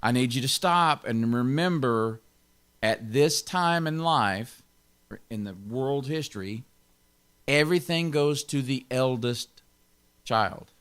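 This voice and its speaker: A man's voice: mid-range voice, animated, slow, a bit bright, clear, resonant tone. A man pastor giving an informal Bible teaching, stressing key words and chuckling often.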